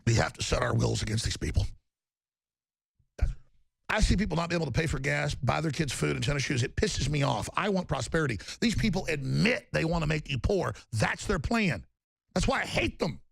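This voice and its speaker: A talk radio host in his forties, ranting in an impassioned, shouting tirade to his audience. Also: on the high side, animated, fairly quick, no room sound, studio quality. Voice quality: gravelly. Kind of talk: ranting talk show monologue.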